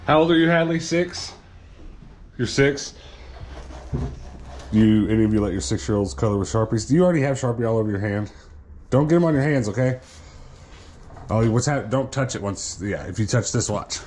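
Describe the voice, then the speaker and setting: A man's voice: mid-range voice, animated, normal speed, pauses often, a little mellow, slight background noise. A man chatting casually in a home vlog, talking to camera and to a small child as he sets up game gear. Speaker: vlogger.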